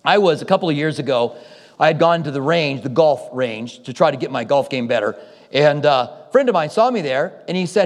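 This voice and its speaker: In a hall with noticeable reverb, a male pastor preaches with a fairly high pitch, lively intonation, and a brisk pace. His sermon unfolds as conversational storytelling, with people's words acted out.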